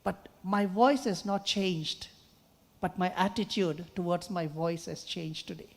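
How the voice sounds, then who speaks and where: A man with a high, soft voice often taken for a woman's, giving an earnest sermon-style talk at a youth choir festival. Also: measured pace, creaky. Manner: earnest, storytelling, with quoted refrains. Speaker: guest musician and speaker. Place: large hall at a choir festival. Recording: long hall reverb.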